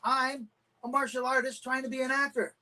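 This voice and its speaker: A middle-aged man, a karate champion guest, telling animated stories and acting out quotes in a casual interview. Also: very high voice, brisk, a little hiss or hum, poor audio. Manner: animated anecdotes with acted-out quotes.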